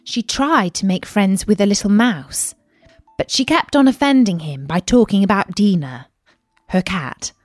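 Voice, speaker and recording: A woman reading a children's story aloud in a lively, expressive way. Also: medium pitch, unhurried, no room sound, faint music behind.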